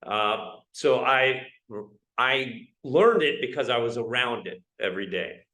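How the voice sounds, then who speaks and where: A man's voice: mid-range voice, animated, unhurried, sharp tone, low-quality recording. A man teaching English in a live-streamed online lesson, talking conversationally, checking in with "right?" and greeting viewers by name as they join. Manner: conversational, keeps asking "right?".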